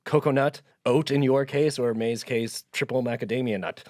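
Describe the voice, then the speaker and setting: A man's voice: medium pitch, fairly even intonation, moderate pace, a little mellow, no room sound, clean studio sound. A man co-hosting a podcast, easygoing and joking, also reading an ad casually. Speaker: podcast co-host. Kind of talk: casual chat and ad read.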